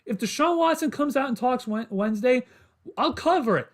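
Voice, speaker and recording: Sports podcast host, man, very high voice, frustrated solo rant to chat. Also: lively intonation, normal speed. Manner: frustrated, repetitive, addresses chat as guys.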